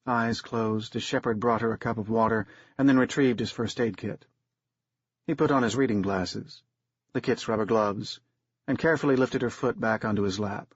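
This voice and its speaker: A man reads a story aloud in a steady, unhurried narration. His husky voice sits at a middle pitch. The recording is dry, dull and slightly muffled. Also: dry recording. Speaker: audiobook narrator. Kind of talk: scripted narration.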